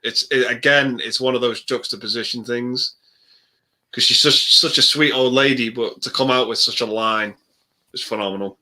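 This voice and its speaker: A man in a casual movie chat, easygoing and quick to agree. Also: medium pitch, fairly even intonation, bright, forceful tone.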